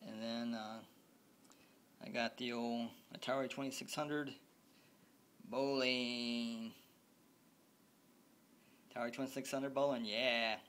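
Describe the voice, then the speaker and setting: A man making a casual home video about video games, talking in a halting, repetitive way with many restarts. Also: medium pitch, fairly even intonation, a bit bright. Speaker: video game vlogger. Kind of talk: rambling home video chat.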